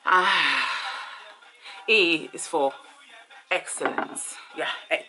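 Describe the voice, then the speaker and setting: A woman's voice: deep voice, very slow, noisy background. A woman from Ghana hosting a casual vlog, talking animatedly and now and then dropping to a whisper. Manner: animated, drifts into whispers and singing. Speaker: host.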